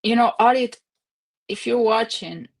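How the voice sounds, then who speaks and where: A woman's voice: a little high, unhurried, creaky. A young woman hosting a casual livestream from home, chatty and rambling, laughing often. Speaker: livestream host.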